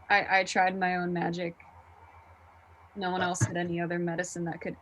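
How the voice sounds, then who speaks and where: A woman playing a tabletop role-playing game in casual, quiet, subdued speech. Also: on the low side, monotone, normal speed, low-quality recording. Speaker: player.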